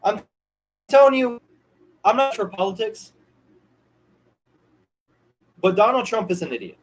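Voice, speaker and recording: A man's voice: high voice, lively intonation, measured pace, low-quality recording. A young man streaming a ranting monologue, emphatic and repetitive, swearing now and then. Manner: emphatic, repeats himself, swears.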